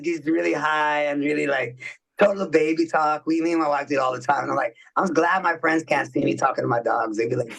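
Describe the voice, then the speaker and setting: A man's voice: a little high, a little fast, creaky, a bit bright, distant mic, poor audio. A man guesting on a podcast, chatting in a laid-back, slangy way and laughing often. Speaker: guest musician. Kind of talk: casual podcast interview chat.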